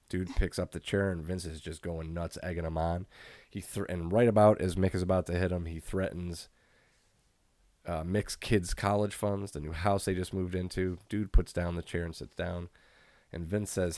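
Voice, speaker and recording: Low-voiced guy casually recapping wrestling, swears a lot, chuckles, dry close mic. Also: fairly even intonation, normal speed, a little mellow, dry recording. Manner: laid-back, profane, laughs often while recapping. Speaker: podcast co-host.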